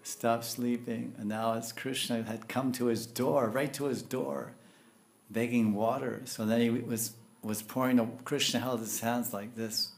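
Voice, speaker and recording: An older man telling a sermon story, with an animated delivery and frequent chuckles. He slips into acting out the characters as he goes. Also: medium pitch, measured pace. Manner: animated, chuckling, acts out voices. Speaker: spiritual teacher.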